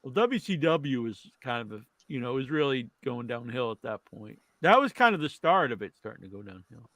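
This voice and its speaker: A man's voice: mid-range voice, sing-song, a little fast, fairly bright tone, no echo. A man hosting a podcast, reading out trivia and then chatting loosely with lots of fillers. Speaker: podcast host. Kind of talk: casual wrestling chat.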